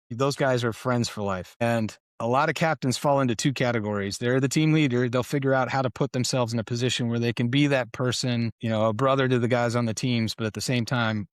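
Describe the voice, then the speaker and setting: A middle-aged man, a podcast guest, telling relaxed, casual stories and swearing now and then. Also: medium pitch, no echo, studio quality. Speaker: guest, retired Special Forces colonel. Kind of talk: casual conversational storytelling. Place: podcast studio.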